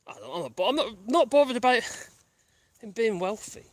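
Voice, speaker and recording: Man, high voice, very lively pitch, rambling, wry asides, casual outdoor chat, small phone mic. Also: brisk, no room sound. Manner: rambling, wry, easily sidetracked. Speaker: vlogger. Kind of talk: casual chat while walking dogs. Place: outdoors in the countryside.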